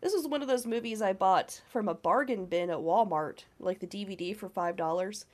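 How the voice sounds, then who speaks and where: A woman's voice: mid-range voice, brisk, darkish tone. Nasal woman with a cold. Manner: enthusiastic, swears casually. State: has a cold, nasal and scratchy. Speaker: podcast co-host. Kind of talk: casual horror podcast chat.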